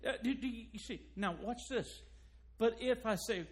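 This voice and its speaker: Male pastor preaching, higher-pitched voice, emphatic and building to loud peaks. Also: moderate pace. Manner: emphatic preaching, rising loud on key points. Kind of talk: sermon.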